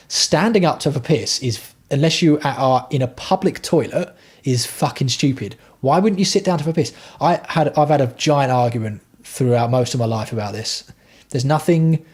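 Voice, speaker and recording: Husky, sweary man chatting. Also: mid-range voice, a little mellow. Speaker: livestream host. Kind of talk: casual chat with viewers.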